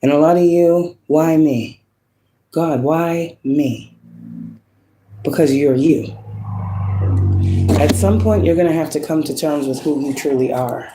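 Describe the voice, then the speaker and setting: A woman's voice: low-pitched, moderate pace, reverberant, background noise. A woman giving a casual spiritual monologue, preachy and profane, asking rhetorical questions and laughing often. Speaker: spiritual influencer.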